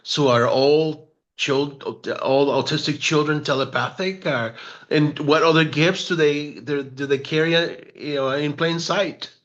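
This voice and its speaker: A man hosting an interview, asking calm, measured questions. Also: a little high, muffled recording. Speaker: interview host.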